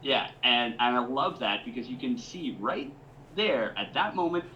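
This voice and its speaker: A man's voice: medium pitch, lively intonation, moderate pace, dull audio, noisy background. A man co-hosting a casual podcast, easygoing and hesitant, with many fillers. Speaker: podcast co-host. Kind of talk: casual chat.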